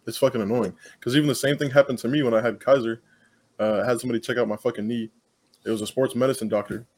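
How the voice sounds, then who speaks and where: A man's voice: medium pitch, steady tone, fast, darkish tone. A young man co-hosting a casual podcast, talking in a blunt, laid-back, profane way. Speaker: podcast co-host. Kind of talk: casual chat.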